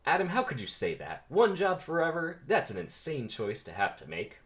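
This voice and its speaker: A man's voice: fairly high pitch, wildly swooping pitch, moderate pace, fairly bright tone, voice pushed up. A man voicing a questioning, incredulous young male bee.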